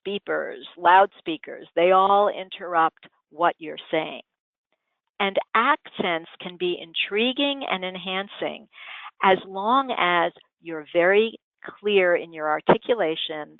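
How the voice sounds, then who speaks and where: Woman lecturer, low-pitched, demonstrates speech habits, tinny dry phone-like recording. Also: unhurried, creaky, no room sound. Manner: demonstrative, acts out vocal habits as examples. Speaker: communication lecturer. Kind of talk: lecture on voice and nonverbal communication.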